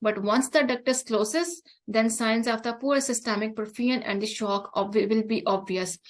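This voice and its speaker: A woman giving an online medical lecture, speaking haltingly with frequent fillers and restarts. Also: on the high side, rough recording. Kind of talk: online exam-prep lecture.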